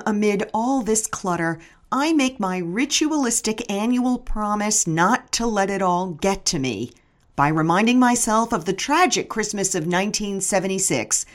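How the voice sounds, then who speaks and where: A middle-aged woman narrating her memoir in a wry, storytelling manner. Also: mid-range voice.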